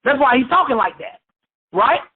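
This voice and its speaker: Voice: high-pitched, animated, moderate pace, slightly rough. A Bible teacher leading a call-and-response study, repeating points and asking listeners questions. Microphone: phone. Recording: phone-line radio call.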